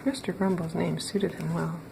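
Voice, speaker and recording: Children's story reader: a woman, expressive and playful, gravelly touch, noisy home take. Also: fairly low pitch, moderate pace. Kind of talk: children's read-aloud narration.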